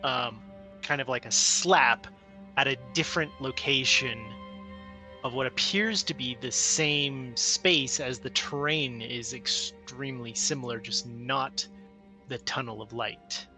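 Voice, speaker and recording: A man running a tabletop game as game master, explaining rules in a relaxed way with small restarts. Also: medium pitch, unhurried, faint music behind.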